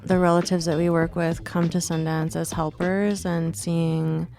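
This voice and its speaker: Low, gravelly woman moderating a panel. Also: little pitch movement, a little slow, darkish tone, faint music behind. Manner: thoughtful, searching for words, frequent fillers. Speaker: panel moderator and community support worker. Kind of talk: radio panel discussion.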